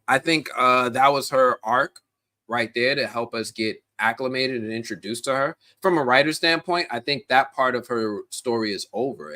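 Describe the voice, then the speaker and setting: A man hosting a live stream, chatting casually and animatedly with viewers in the chat. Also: medium pitch. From United States. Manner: animated, talks directly to chat viewers, many restarts.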